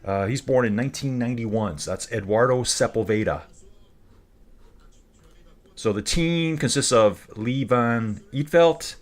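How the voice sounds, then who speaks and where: A man's voice: mid-range voice, a little slow. A man hosting a live stream, talking casually with rambling, jokey asides. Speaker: cycling stream host.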